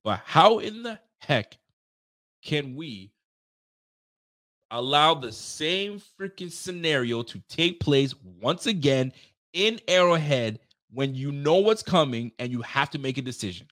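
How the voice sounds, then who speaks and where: A man hosting a casual sports podcast, animated and swearing freely, talking straight to his listeners and breaking into loud outbursts. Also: a little high, a little slow. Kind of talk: casual fan commentary.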